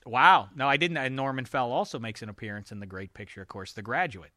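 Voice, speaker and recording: Bright-voiced jokey male podcast host. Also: medium pitch, fast, no room sound, clean studio sound. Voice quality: animated, jokey, with many uh fillers. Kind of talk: casual sports podcast banter.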